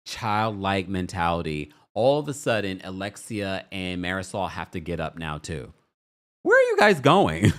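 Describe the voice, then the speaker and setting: A young man hosting a casual show recap, sassy and animated, who jumps into a high voice when he quotes people. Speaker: recap host.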